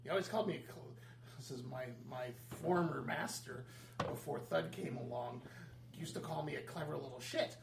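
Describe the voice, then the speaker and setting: A man running a tabletop game as game master, laughing often and breaking into squeaky goblin voices. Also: normal speed, creaky, reverberant, background noise.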